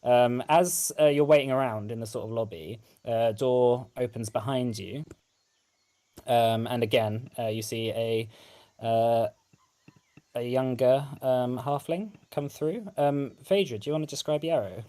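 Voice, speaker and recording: Male GM, casual hesitant narration, mid-pitched. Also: unhurried, warm tone. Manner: hesitant, many fillers. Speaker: game master. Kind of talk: narrating a tabletop game.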